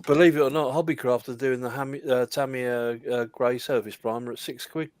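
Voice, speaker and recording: Man, casual, chatty, mid pitch, dry. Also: fairly even intonation, fairly quick, a little mellow, smooth, no echo. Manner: chatty, looks up prices as he talks. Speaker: co-host on a modelling live chat. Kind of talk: casual chat.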